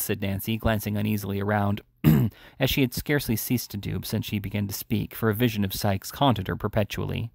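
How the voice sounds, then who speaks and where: A man reading a classic novel aloud as narrator, steady and measured. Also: on the low side, creaky, no echo, studio quality.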